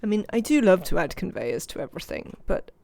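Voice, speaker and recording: UK game streamer, live let's-play: chatty, thinks out loud and talks to the characters, with an animated pitch and a bit of gravel. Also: quick pace, no room sound. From United Kingdom.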